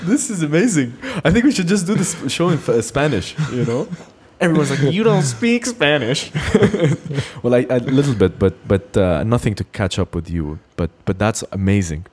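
A man's voice: mid-range voice, lively intonation, moderate pace, darkish tone, slightly rough. A man from Lebanon hosting a casual podcast interview, laughing often and restarting his sentences. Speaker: podcast host.

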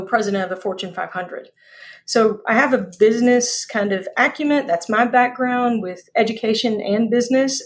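A woman, a guest speaker talking in a folksy, emphatic way and repeating phrases for effect. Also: mid-range voice. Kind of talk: casual interview chat.

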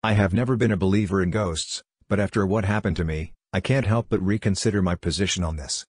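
A man reading a series of short ghost stories aloud in a steady, even storytelling delivery. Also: low-pitched, quick pace, husky, no echo, studio quality. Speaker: narrator.

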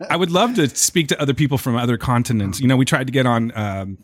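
Quick animated guy hosting a podcast, dry close mic, jokey. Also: mid-range voice, no echo. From United States. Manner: fast, animated, joking. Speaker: podcast host. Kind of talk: casual chat.

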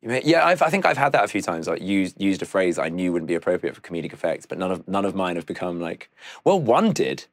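A man's voice: sits low, sing-song, fast talker, no echo. A man chatting casually as a podcast host, swearing freely and laughing often. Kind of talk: casual chat.

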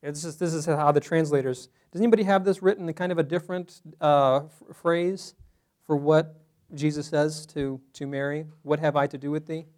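A man's voice: a little high, fairly even intonation, normal speed, darkish tone. A man teaching a Bible study class to a small group in a room, talking conversationally and asking the group questions.

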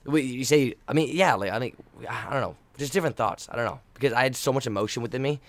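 A man's voice: mid-range voice, fast talker, no echo. A young man telling a rambling, profanity-laced story in casual chat, hyped-up and emotional. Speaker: podcast co-host, volleyball player.

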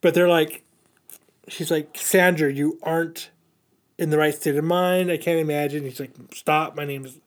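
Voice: medium pitch, steady tone, normal speed. Casual podcast co-host, mid voice. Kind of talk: casual chat.

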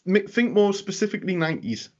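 A man with a softened Geordie accent hosting a casual interview podcast, chatty and laughing often, with plenty of fillers. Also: sits high, big pitch swings, fast, muffled recording. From England. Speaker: podcast host.

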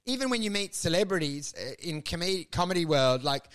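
High-voiced man riffing crudely. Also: fairly quick. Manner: animated, crude, acts out bits loudly. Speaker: podcast co-host. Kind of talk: casual comedic chat.

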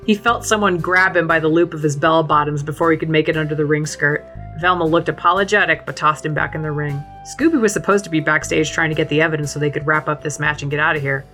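A woman podcast host reads a comic story aloud in a low, playful voice. She laughs often as she reads. Faint music plays beneath her. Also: fast talker, fairly bright tone. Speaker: podcast co-host reading fan fiction.

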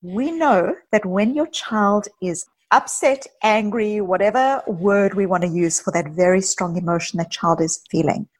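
A middle-aged woman with a slightly husky, breathy voice, speaking as a guest psychologist on a podcast. She talks in an animated, storytelling way, weaving in anecdotes and quoted lines. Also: medium pitch, measured pace, few pauses. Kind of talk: conversational podcast interview.

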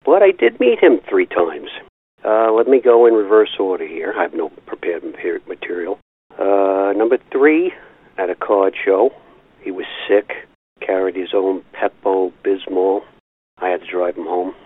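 A man's voice: low-pitched, animated, moderate pace, breathy edge, no room sound. An older man leaving a rambling, nostalgic voicemail, chuckling as he tells his stories. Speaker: caller. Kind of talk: voicemail storytelling. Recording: tinny phone-line voicemail.

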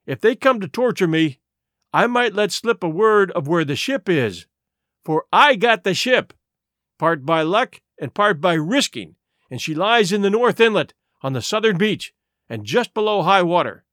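A man's voice: high voice, very animated, moderate pace, fairly bright tone, no echo, studio quality. A man voicing an honest, brave young boy who speaks earnestly and firmly. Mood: resolute. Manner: earnest, firm.

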